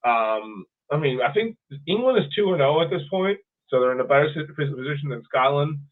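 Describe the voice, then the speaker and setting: A man co-hosting a sports podcast talks in a somewhat high voice, animated and profane. Now and then he slips into funny mimicking voices. The sound is thin and tinny, like a phone line. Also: a little fast. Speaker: podcast co-host. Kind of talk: casual sports chat.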